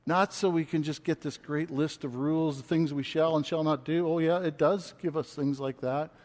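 A man preaching a sermon, reading scripture and speaking with passion that builds to near shouts. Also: a little high, fairly even intonation, moderate pace. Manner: impassioned, rising to shouts when quoting. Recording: long hall reverb.

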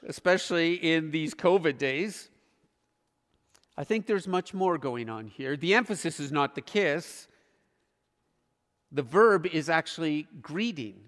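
High-voiced preaching pastor in a hall. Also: male voice, a bit bright. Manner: earnest preaching with emphatic pauses. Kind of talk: sermon.

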